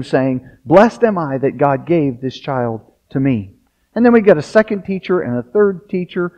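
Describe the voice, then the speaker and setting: A man's voice: a little high, mellow. A male pastor preaching a sermon, reading a long passage aloud with casual asides. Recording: dull lo-fi sound.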